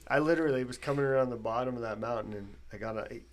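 A man recounts a grueling hunt in easy podcast talk. His voice often sinks low and soft, with casual swearing and laughs. A faint hiss runs under the recording. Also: fast talker. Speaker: podcast guest, bowhunter. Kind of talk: casual storytelling.

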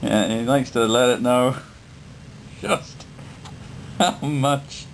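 Slow, playful man coaxing his dog. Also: mid-range voice, vocal fry, slight background noise, low-quality recording. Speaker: dog owner filming his pet. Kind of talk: casual home video. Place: home, indoors.

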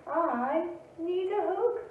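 A woman's voice: very high voice, expressive, takes it slowly, slight background noise, voice pushed up, heavily acted. Woman voicing Douglas the wistful bear cub. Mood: pleading. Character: young male brown bear cub, wistful. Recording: echoey, phone-like, from a distance.

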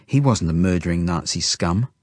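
A man reading an audiobook voices a bold, innocent little girl in a high, earnest child voice. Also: expressive, moderate pace, darkish tone, no echo. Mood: matter-of-fact.

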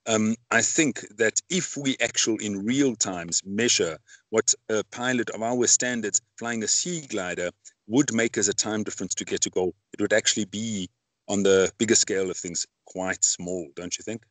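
Low-voiced podcast host, dry sound. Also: male voice, moderate pace, fairly bright tone, no echo. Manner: rambling, full of fillers, asks leading questions. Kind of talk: casual podcast interview.

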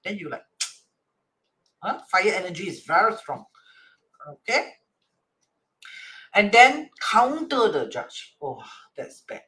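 Singaporean teacher with a bright voice. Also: medium pitch, big pitch swings, takes it slowly, pauses often. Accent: Singaporean English. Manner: acts out quoted dialogue, constantly checks with "right?"; mixes in Chinese and Hokkien words. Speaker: Chinese metaphysics teacher. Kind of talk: explaining a divination chart reading.

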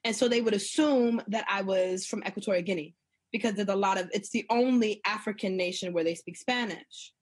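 A young American woman telling stories in a casual podcast chat, animated and laughing often, acting out the voices she quotes. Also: mid-range voice, fairly quick, slightly rough, no room sound. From United States. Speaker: podcast guest.

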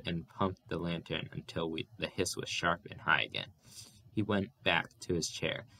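A deep-voiced man reading a novel aloud. He reads plainly and occasionally trips over a word and corrects himself. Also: sharp tone. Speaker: audiobook reader.

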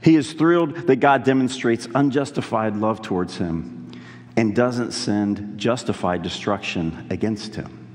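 A man's voice: lowish voice, a little mellow. Earnest male pastor in an echoing hall. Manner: earnest, conversational preaching with pauses on key words. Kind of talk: sermon.

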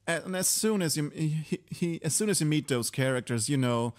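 A man's voice: on the high side, lively intonation, moderate pace. A man with a slight cold, co-hosting a casual movie review chat and teasing his partner. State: a little sick. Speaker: co-host.

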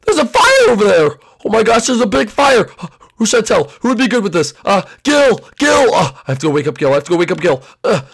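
A man voicing an excitable young koopa prince who hosts a toy role-play, rambling and exclaiming. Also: high-pitched, fast, vocal fry, husky, exaggerated voice. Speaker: host.

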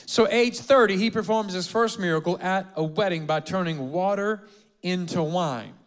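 High-voiced, energetic male pastor. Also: normal speed. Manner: energetic, humorous, rallies the congregation. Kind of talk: sermon. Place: church auditorium.

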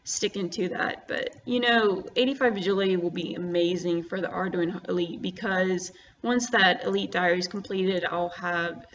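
A woman's voice: fairly low pitch, steady tone, moderate pace, hardly any pauses, fairly bright tone. Chatty woman narrating her gameplay. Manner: chatty, with many fillers and restarts. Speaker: gaming vlogger. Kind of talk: casual gameplay commentary. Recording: slightly dull audio with faint noise.

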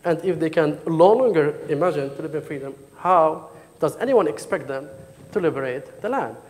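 A man's voice: a little high, darkish tone. Emphatic man in a reverberant hall. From Jerusalem. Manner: emphatic, questioning the audience. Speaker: author at book launch. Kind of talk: talk then reading from his memoir. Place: lecture hall.

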